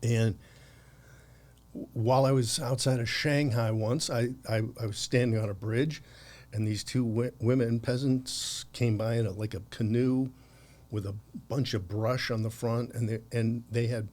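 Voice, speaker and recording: A man's voice: medium pitch, steady tone, unhurried, a little mellow. A man in his sixties from the United States, a podcast guest telling long anecdotes with frequent laughs and restarts. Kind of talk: conversational anecdote.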